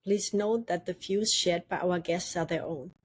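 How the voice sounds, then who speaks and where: A woman's voice: lowish voice, moderate pace, slightly rough, no echo. A woman hosting a podcast, thanking her guest and reading out channel plugs and a disclaimer. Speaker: podcast host. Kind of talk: podcast sign-off.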